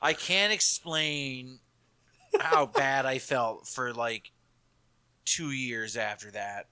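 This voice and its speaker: A man's voice: medium pitch, takes it slowly, sharp tone, smooth. A man guesting on a podcast, chatting casually and teasing the hosts with playful swearing. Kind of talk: casual chat.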